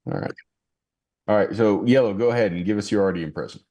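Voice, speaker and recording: A man's voice: fairly low pitch, fast talker, warm tone. A man co-hosting a casual stream chat, teasing the others and steering the talk.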